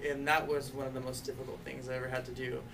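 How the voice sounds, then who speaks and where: A man's voice: medium pitch, completely flat delivery, fast, gravelly, fairly bright tone. A young man telling his own coming-out story in a casual way, full of "like" and "you know" and light laughs. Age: young adult. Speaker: youth activist intern. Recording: distant mic, faint background noise.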